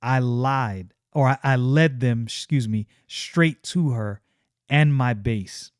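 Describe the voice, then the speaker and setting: A man reading aloud and voicing a fierce, protective young witch who speaks in slow, clipped lines. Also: mid-range voice, clean tone, no room sound, clean studio sound, lightly acted. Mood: regretful.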